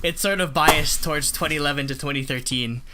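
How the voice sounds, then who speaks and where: A man's voice: a little high, a little fast, a crowd in the background. A man co-hosting a podcast in a casual chat, gushing and chatty, heavy on filler words. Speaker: podcast co-host.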